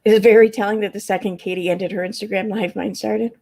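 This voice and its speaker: A woman's voice: medium pitch, steady tone, fairly quick, vocal fry, a little mellow. A woman with a Midwestern American accent hosting a casual livestream, rambling, swearing and answering her chat. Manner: rambling, profane, talks to chat. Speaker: livestream host.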